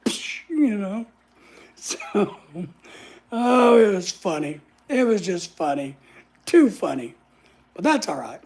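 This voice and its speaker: Sassy, gravelly woman. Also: mid-range voice, very animated, slow, long pauses, a little mellow. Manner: sassy, blunt, swears freely, acts out other people's lines. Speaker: vlogger. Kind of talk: casual storytelling.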